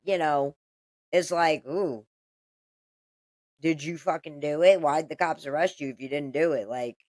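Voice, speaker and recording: A woman rants to her viewers at an unhurried, drawn-out pace, her voice sitting a little low. She is indignant and profane, circling back through restarts. The sound is dry and close, with no room around it. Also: no echo. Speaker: commentator. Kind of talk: casual commentary vlog.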